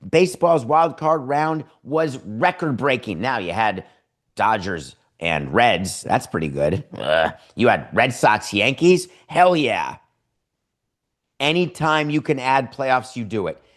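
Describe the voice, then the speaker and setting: Man, sports podcast host, opinionated, emphatic, lecturing, mid-pitched voice. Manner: rapid-fire asides and rhetorical questions.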